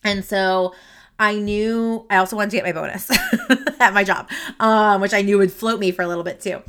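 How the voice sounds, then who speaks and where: Speaking from her office in a mid-range, fairly bright voice, a career coach hosts her own podcast alone. The monologue is casual and chatty, packed with fillers and restarts, and she's tearful and sniffling throughout.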